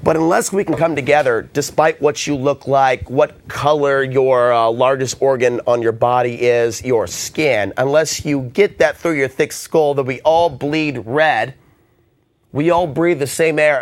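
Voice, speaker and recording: A man hosting a call-in radio talk show, hoarse and ranting with passion. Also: medium pitch, steady tone, measured pace. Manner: impassioned, ranting.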